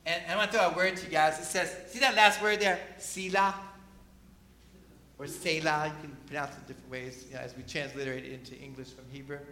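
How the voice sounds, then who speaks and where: Male preacher, emphatic sermon delivery, bright edge, roomy hall sound. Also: fairly even intonation, racing, hardly any pauses. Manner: emphatic, rising to loud peaks then dropping low.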